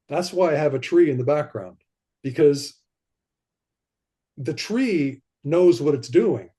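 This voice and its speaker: A man guesting on a podcast, with a somewhat high voice and a warm, mellow tone. He talks in a loose, rambling way, with lots of energy, and slips into other people's voices when he quotes them. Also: expressive, a little slow, slightly rough. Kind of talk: casual conversation.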